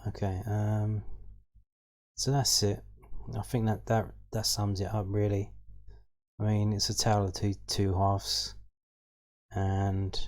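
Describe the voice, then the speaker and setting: A man's voice: on the low side, darkish tone. A man hosting a football fan channel, talking through match statistics in a casual, hesitant way with many ums and restarts. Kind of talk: casual stats rundown.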